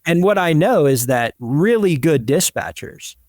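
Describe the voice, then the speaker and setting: A man's voice: on the high side, unhurried, no room sound, clean studio sound. A man hosting a podcast, a former police officer casually telling anecdotes about his old shifts. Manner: relaxed, anecdotal storytelling.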